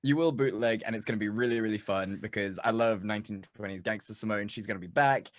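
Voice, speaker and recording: Excitable man with a low voice. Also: fast, no room sound. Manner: excitable, effusive, laughs often. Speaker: podcast co-host. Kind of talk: casual chat.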